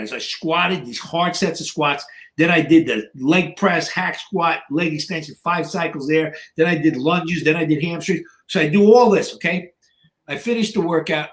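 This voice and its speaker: Here the man sounds a little high and fairly bright. In his sixties and guesting on a podcast, he tells stories in a loose, blunt, profane way, full of "you know" and acting out what others said.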